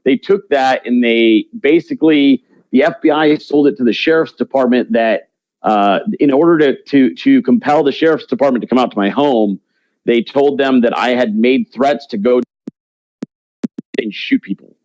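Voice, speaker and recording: A man's voice: mid-range voice, normal speed, dry recording, lo-fi sound. A man talking as an interview guest in a blunt, brash, slangy way. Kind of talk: casual interview talk.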